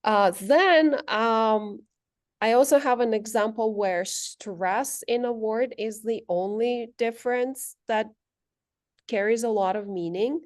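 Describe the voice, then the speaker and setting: A woman language instructor giving a measured, explanatory presentation, walking through her slides with frequent pauses. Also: medium pitch, darkish tone, no room sound, clean studio sound.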